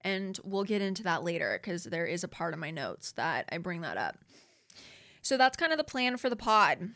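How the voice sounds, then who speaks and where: A woman's voice: on the low side, very animated, normal speed, a bit bright. A young woman with a Los Angeles Valley Girl accent, hosting a casual solo podcast, chatty and full of "like" and "you guys". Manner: chatty, frequent "like" and "you guys", laughs often, swears casually. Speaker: podcast host.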